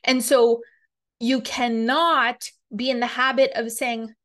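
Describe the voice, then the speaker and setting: A woman's voice: fairly high pitch, takes it slowly, a bit bright. A woman hosting a podcast as a reverend, giving a blunt, emphatic motivational talk, swearing freely and repeating words for stress.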